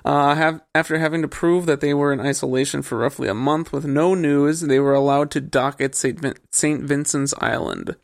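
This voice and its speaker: A man's voice: fairly high pitch, moderate pace, vocal fry, hardly any pauses. A man from the American Midwest co-hosting a podcast, reading news stories in a casual chat and cracking wry asides with frequent laughs. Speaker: podcast co-host.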